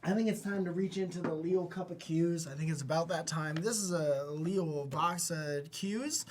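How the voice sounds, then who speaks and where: A man's voice: on the high side, moderate pace. A man hosting a casual comedic panel chat, joking and teasing his guests and laughing often. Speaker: host.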